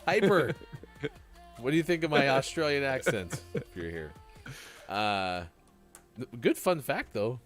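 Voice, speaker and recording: Lively, joking male morning show host. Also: medium pitch, measured pace, faint music behind. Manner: lively, joking, rambling delivery. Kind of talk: casual live-stream radio chat.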